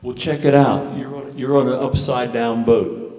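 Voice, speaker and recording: A man's voice: mid-range voice, level tone, normal speed, mellow. A man, a piano teacher, speaking casually to a recital audience with a joking, chatty manner and some uhs. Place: church sanctuary. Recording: roomy church echo with long reverb.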